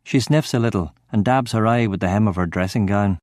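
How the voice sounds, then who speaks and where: A man giving steady, measured first-person narration of a crime novel audiobook. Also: fairly low pitch, no echo, studio quality.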